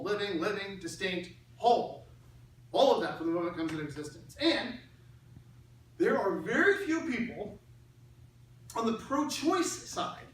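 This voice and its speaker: A middle-aged man giving a persuasive lecture in an animated, conversational way, repeating key phrases for emphasis. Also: high-pitched, a little hiss or hum. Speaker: speaker. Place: large hall in a church building. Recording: very echoey hall from far off.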